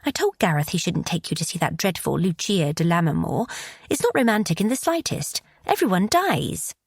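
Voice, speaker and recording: A woman voicing a young English lady in an audiobook, speaking in a high, anxious, pleading voice. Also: sing-song, normal speed, vocal fry, breathy edge, no echo, clean studio sound, heavily acted. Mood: worried pleading. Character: fretful young English lady, eager and kind.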